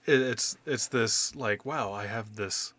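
A man's voice: lowish voice, takes it slowly. Candid, swearing man in casual chat. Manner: candid, swears freely, animated storytelling. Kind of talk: casual conversation.

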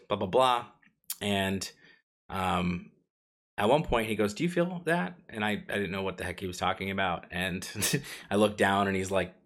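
A man's voice: fairly low pitch, fairly bright tone. A man co-hosting a podcast, telling a personal story casually, full of fillers and chuckles. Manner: rambling, filler-heavy, laughs while telling. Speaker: podcast co-host.

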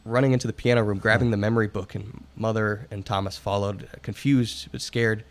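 A man with a low voice reads a ghost story aloud to friends on a podcast. His delivery is dramatic, with some stumbles over words. The tone is plain and unhurried. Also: steady tone. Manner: dramatic reading with occasional stumbles. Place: room with friends, candle lit.

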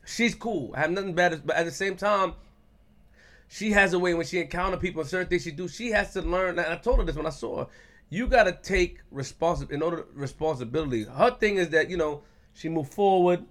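A brash, teasing man of thirty hosts a podcast, his talk full of profanity and quick jabs. His voice sits a little high for a man, and he talks at a fast clip. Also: a bit bright. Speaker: podcast host. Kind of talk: casual chat.

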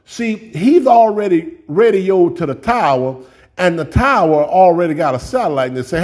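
A man's voice: a little high, very animated, moderate pace, a little mellow. A man preaching a sermon in a folksy, direct way, often repeating words as he builds up a point.

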